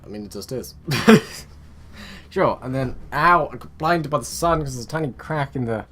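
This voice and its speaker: At medium pitch and a moderate pace, with a slightly bright voice, a young gaming video host rambles through a casual let's-play. He talks to his game units and drops muttered asides along the way.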